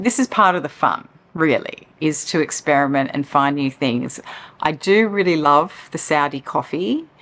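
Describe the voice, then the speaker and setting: A woman chatting casually to camera from her couch, rambling and open about her feelings. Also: sits low. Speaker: perfume vlogger. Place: living room, on the couch.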